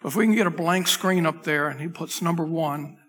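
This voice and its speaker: A man with a slightly high, husky voice preaches from the pulpit into a microphone. His talk is loose and conversational, full of restarts and asides to the crew at the back. The sound carries a long reverb from the sanctuary. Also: fairly quick, a bit bright. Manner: loose, chatty delivery with frequent restarts and asides to the tech crew. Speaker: pastor. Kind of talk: conversational sermon. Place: church sanctuary.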